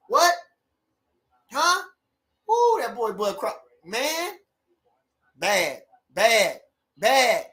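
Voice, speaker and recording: A middle-aged man hosting a casual livestream, animated and repeating catchphrases as he chats. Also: sits high, a little slow, pauses often. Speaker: livestream host.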